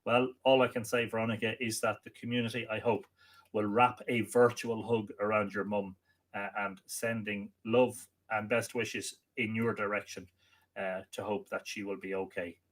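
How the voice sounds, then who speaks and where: An Irish man hosting a live stream, reading out viewer comments and greeting each person by name, friendly, with halting restarts. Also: fairly low pitch, level tone, fairly bright tone. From Ireland. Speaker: livestream host.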